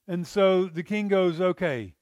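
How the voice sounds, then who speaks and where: Guy preaching a sermon, chatty, asks the crowd questions, kinda higher voice, dry sound. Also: unhurried, dry recording. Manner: conversational, asks rhetorical questions; repeats and restarts phrases.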